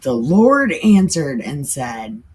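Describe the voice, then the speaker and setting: A woman's voice: sits low, sing-song, darkish tone, husky, poor audio. A woman casually reading the Bible aloud and commenting on it in an irreverent, chatty way, laughing often and swearing now and then. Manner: drawn-out, emphatic sign-off sayings.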